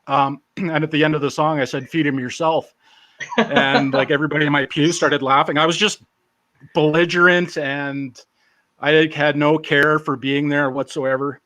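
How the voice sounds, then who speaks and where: A man in his forties, a guest in an interview, telling his story in a relaxed, joking, self-deprecating way. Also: fairly high pitch, normal speed. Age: 40s. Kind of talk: casual storytelling.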